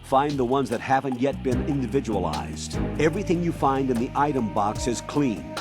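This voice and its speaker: A man voicing a stern older military colonel, giving measured, authoritative mission briefings in a video game. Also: medium pitch, animated, close to an everyday voice. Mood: calm, commanding. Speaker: mission commander on radio. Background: game music.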